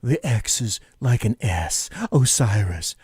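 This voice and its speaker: Man, talk radio host, sarcastic commentary, lively swooping voice, dry sound. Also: on the low side, slow, slightly rough, no echo.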